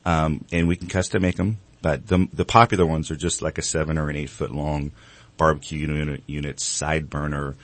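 Very deep-voiced man, chatting casually. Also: brisk, dry recording. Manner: relaxed, rambling with fillers. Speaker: granite shop owner, guest. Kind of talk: casual radio chat.

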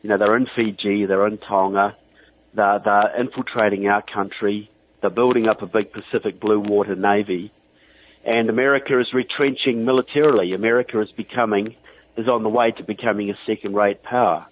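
A man's voice: lowish voice, steady tone, fairly quick. A man from New Zealand with a New Zealand accent, a guest author calling in to a political radio show, talking earnestly and stacking up long lists. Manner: earnest, emphatic, runs through long lists. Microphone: telephone. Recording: phone line.

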